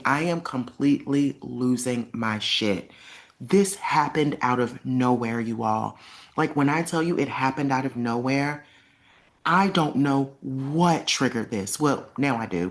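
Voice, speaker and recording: A young adult woman telling a personal story to camera in a casual, emphatic way, acting out the lines she quotes. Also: very deep voice. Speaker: vlogger.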